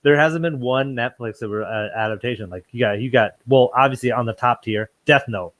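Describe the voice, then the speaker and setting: A man's voice: medium pitch, brisk, fairly bright tone, no echo, poor audio. A man co-hosting a casual chat, laid-back and agreeable, with lots of fillers. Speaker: co-host.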